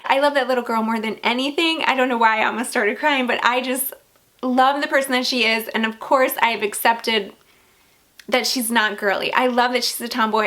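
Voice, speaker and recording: A woman in her forties with a fairly high voice talks straight to her viewers. She is bubbly and chatty, with lots of energy. Her delivery stays casual and expressive. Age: 40s. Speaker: lifestyle YouTuber. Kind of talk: casual chat to camera.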